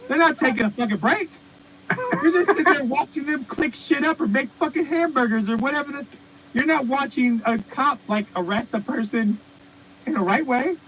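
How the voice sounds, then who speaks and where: His very high voice moves at a moderate pace as he co-hosts a podcast, rambling through profane stories with animated, comedic energy in casual chat. A little hiss or hum marks the rough recording.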